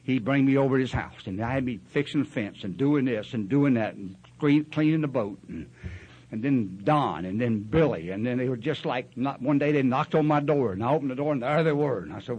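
A man's voice: mid-range voice, brisk, a little mellow, slightly rough. An older man sharing his story at a recovery meeting in a rambling, folksy way, acting out other people's voices. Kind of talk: storytelling share.

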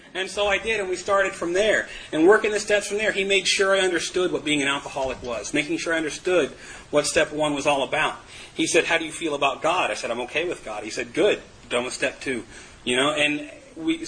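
A man's voice: a little high, sharp tone, low-quality recording. A man giving a candid, self-mocking personal testimony to a group, laughing often. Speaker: recovery meeting speaker.

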